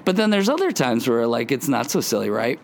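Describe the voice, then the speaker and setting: A man's voice: mid-range voice, big pitch swings, a little fast. A middle-aged man hosting a devotional podcast in an informal, chatty way, full of fillers, and tired after a day of surfing. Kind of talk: casual devotional podcast talk.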